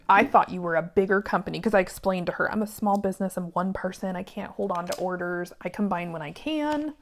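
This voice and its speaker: A woman's voice: mid-range voice, normal speed, a little hiss or hum. A woman who runs a small business, chatting casually as she sews and venting about a rude customer. She rambles with many fillers and sometimes drops to a whisper while working. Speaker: small business owner and vlogger. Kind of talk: casual chat while sewing.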